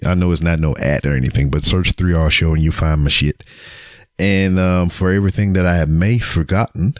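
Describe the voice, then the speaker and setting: Talking a little fast in a low, steady voice, a podcast host addresses the camera casually during a solo segment and swears through a joking roast. It's recorded via a camera mic at his home setup, with no echo.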